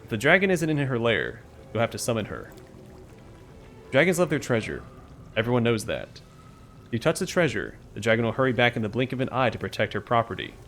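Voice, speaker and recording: A man's voice: mid-range voice, big pitch swings, brisk, a bit bright, faint music behind. A man voicing a petulant female fecal demon queen who whines and boasts like a spoiled princess. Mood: petulant whining. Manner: whining, smug, self-pitying.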